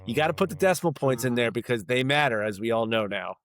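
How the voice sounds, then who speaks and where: Brisk podcast guy reading scores. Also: medium pitch, lively intonation, a bit bright. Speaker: podcast co-host. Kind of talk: casual chat.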